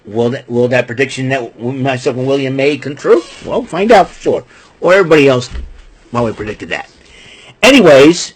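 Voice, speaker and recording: A man giving a casual, rambling wrestling recap, repeating himself, getting fired up about the villains and clearing his throat often. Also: medium pitch, lively intonation, normal speed, poor audio.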